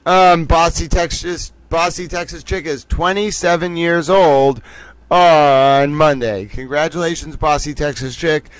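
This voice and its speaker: A man's voice: on the high side, fairly even intonation, measured pace, no room sound. A man hosting a casual livestream, giggly and theatrical, often breaking into laughter as he talks to his chat. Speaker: livestream host. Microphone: desk microphone.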